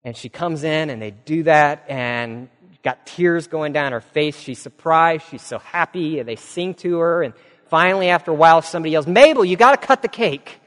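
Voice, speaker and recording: Pastor preaching in a reverberant hall. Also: male voice, normal speed. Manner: animated storyteller, acts out quoted voices, drops low and soft for solemn points. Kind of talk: sermon storytelling.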